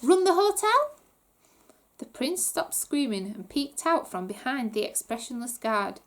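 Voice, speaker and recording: A woman reading a children's book aloud with animated storytelling. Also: fairly high pitch, normal speed. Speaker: reader.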